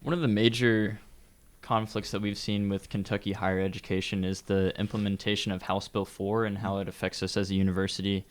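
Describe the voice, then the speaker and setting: Young man, debate moderator, very low voice, measured, prepared question. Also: little pitch movement.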